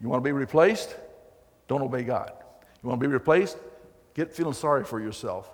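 A man preaching a sermon as pastor, telling the story in a folksy, animated way with acted quotes. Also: mid-range voice, brisk. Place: church hall. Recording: long hall reverb.

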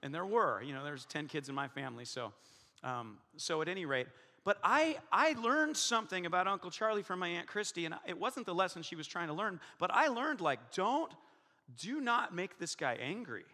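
A middle-aged male pastor preaches in a raised, bright voice, acting out the people in his story. His pitch leaps and dips with animation. The sound carries a long echo from a large church hall. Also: expressive, a little fast. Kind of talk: sermon with personal story.

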